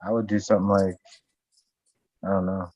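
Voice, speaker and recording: Low-voiced guy, reluctant and mumbly in group banter; dry sound. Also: flat delivery, moderate pace, darkish tone, dry recording, poor audio. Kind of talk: casual chat among friends.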